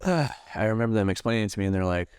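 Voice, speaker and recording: A man from Nebraska, a Marine veteran, telling his own story in an interview, halting with many fillers and restarts and swearing freely. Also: fairly low pitch, animated, a little mellow, clean tone, dry recording, studio quality. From Nebraska, USA.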